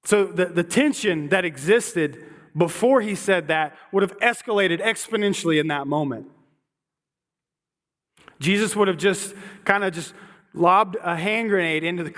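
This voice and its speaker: High-voiced man preaching in a reverberant hall. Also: fairly bright tone. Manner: earnest, repeats words while building a point. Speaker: pastor. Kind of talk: sermon.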